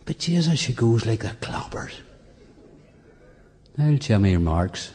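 A man's voice: mid-range voice, big pitch swings, unhurried, mellow, a faint crowd, slight background noise. A man with a Northern Irish accent reciting a comic poem with dry storytelling and asides, in a performance hall.

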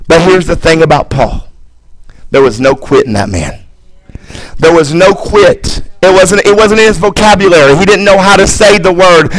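A man preaching a sermon in a church, hammering repeated phrases, building to shouts, then reading scripture quietly. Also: high-pitched, lively intonation, normal speed, rough recording. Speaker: pastor. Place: church sanctuary.

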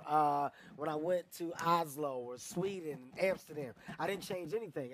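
An energetic male comedian from Philadelphia with a high, lively voice. He tells stories in an animated interview chat and laughs easily between points. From Philadelphia, United States.

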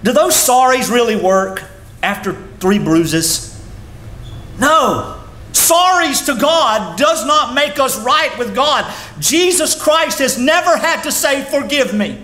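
Preaching slowly and with animation, this pastor has a bright, pushed voice that rises and falls abruptly throughout the sermon. The recording carries an echoey room sound and a little faint noise.

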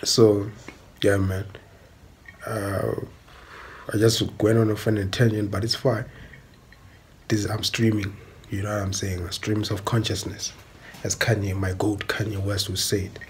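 A man's voice: lowish voice, little pitch movement, measured pace, pauses often, a little hiss or hum. A South African man ranting bluntly on a stream, repeating himself and swearing. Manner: blunt, repetitive, swearing, emphatic. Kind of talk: angry ranting monologue.

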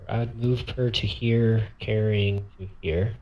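Gravelly low-voiced man counting game moves. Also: steady tone, measured pace, few pauses, dull audio. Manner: hesitant, counts squares aloud and corrects himself. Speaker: tabletop miniatures player walking through a turn. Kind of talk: thinking aloud while demonstrating game moves.

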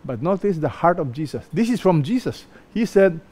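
Man, pastor, sermon, slightly high voice, emphatic, repeats phrases. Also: very animated, warm tone. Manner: slow, emphatic preaching with pauses and repeated phrases.

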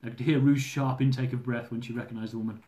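A man reading his own humorous travel memoir aloud, lively and dramatic, with comic swearing. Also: mid-range voice, fast talker. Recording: roomy echo.

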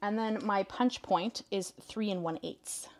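Young canadian woman chatting on a craft stream, talks to her chat and her cat, picks colors out loud. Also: mid-range voice, a little slow. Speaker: craft video host. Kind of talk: casual live-stream chat while crafting.

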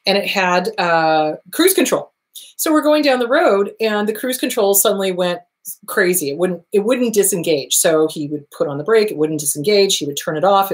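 A woman therapist hosting her own show, answering viewer questions in a casual monologue, stressing points by repeating them. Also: medium pitch. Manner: emphatic, repeats key phrases for stress.

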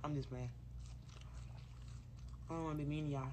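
A rapper talks casually and profanely to her fans over a livestream, her low voice steady, mellow, and at normal speed. The phone recording carries a little hiss or hum.

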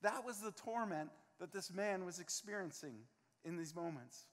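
A pastor delivering an earnest, emphatic sermon, his voice sitting notably high for a man. The sound carries a long reverb from the church room around him. He acts out scenes from the text with dramatic emphasis. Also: animated, moderate pace. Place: church sanctuary.

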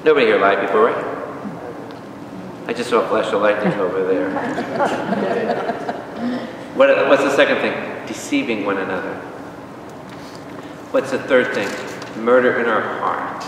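A man, a priest, teaching a lively Bible study and quizzing his audience, recorded from a distance in a large room. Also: fairly low pitch, normal speed, pauses often, background noise. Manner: asks the audience questions, spells out words, animated. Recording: echoey hall from far off.

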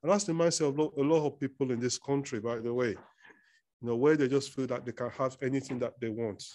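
A man's voice: medium pitch, steady tone, fairly quick, mellow. Man preaching a conversational sermon. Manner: conversational teaching, reads scripture aloud, repeats words. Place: church.

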